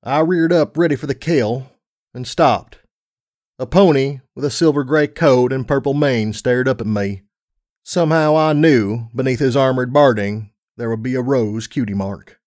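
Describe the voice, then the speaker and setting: A man's voice: medium pitch, moderate pace, darkish tone, no room sound, studio quality. A man narrating a first-person fan story in an earnest, dramatic way.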